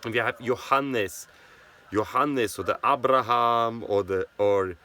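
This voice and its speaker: A man's voice: mid-range voice, slow pace, pushed and bright. A man with a Swiss German accent, a native Swiss German speaker from Switzerland, giving a rambling casual history talk with constant "yeah?" tag questions.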